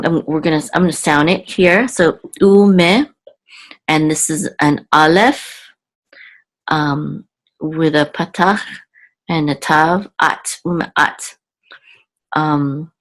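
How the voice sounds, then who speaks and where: A woman teaching an online language lesson, going patiently word by word with frequent ums and self-corrections. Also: sits low. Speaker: Hebrew teacher.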